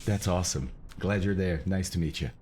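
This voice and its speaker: A man's voice: low voice, a little fast, a little hiss or hum. A middle-aged man from Brazil hosting a live stream, greeting chat members one by one in a casual way. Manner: greets chat members one by one, hushed at times to keep quiet. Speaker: streamer host.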